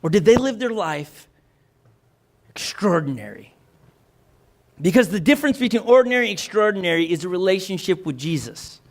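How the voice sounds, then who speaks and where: A male pastor preaching a conversational, energetic sermon, often restarting his sentences. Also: high voice, quick pace, few pauses.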